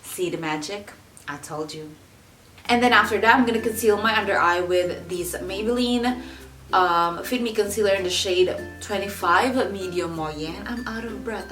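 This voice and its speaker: A woman's voice: fairly low pitch, fairly bright tone. A young adult woman walking viewers through a makeup tutorial in a chatty way, doubling up words for emphasis. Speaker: beauty vlogger. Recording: roomy echo with faint background music.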